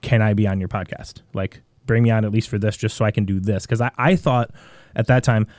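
A man with a Midwestern American accent tells a long story as a podcast guest, rambling and animated, often restarting his sentences. His voice sits low, dark and mellow. It is recorded dry, with little room sound. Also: fairly quick, no echo. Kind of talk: casual storytelling.

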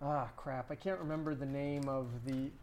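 A man's voice: medium pitch, flat delivery, normal speed, a little mellow, slight background noise. A man co-hosting a podcast, recapping a TV episode in a chatty, laughing way with some swearing. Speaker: podcast co-host.

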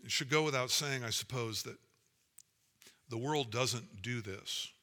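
A man's voice: mid-range voice, measured pace, bright, forceful tone. A man preaching a sermon as pastor, earnest and building to emphatic, rising passages. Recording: long hall reverb.

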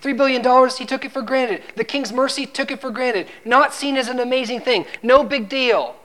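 High-voiced man preaching with emphasis. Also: steady tone, brisk, bright, forceful tone. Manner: emphatic, rises in pitch and volume when driving a point; quotes scripture and acts out the servant's lines. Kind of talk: sermon.

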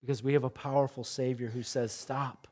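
A man preaching a sermon, telling a story with animation and swinging between loud and soft passages. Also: mid-range voice, fairly even intonation, fast talker. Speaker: pastor.

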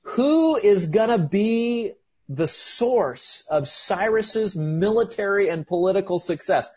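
A man preaching a sermon, excited and emphatic, often restarting his sentences. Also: high voice, takes it slowly, breathy edge, dull audio.

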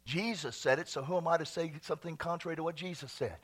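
A middle-aged male pastor preaching an exuberant sermon, swinging from shouts to hushed tones and laughing often. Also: on the high side, fast, breathy edge.

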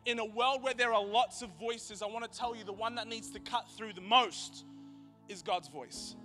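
A young man giving an energetic, chatty youth sermon as pastor, repeating key lines for emphasis. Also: very high-pitched.

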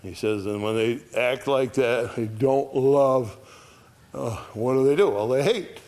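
Man leading a Bible class, unhurried delivery, folksy and conversational, mid-pitched voice. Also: a little mellow. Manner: conversational, folksy, checks in with "all right?". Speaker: Bible study teacher. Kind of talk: informal Bible class teaching.

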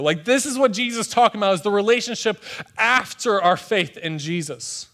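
A man preaching a sermon, swinging between excited, loud stretches and hushed, soft ones. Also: very high voice, a little fast. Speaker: pastor.

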